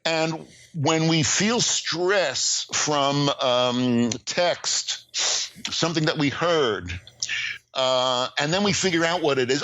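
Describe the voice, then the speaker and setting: An older man, a screenwriting teacher and podcast guest, telling stories in a lively way with plenty of fillers and restarts. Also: on the high side, slow pace, dry recording, lo-fi sound. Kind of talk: casual interview, storytelling.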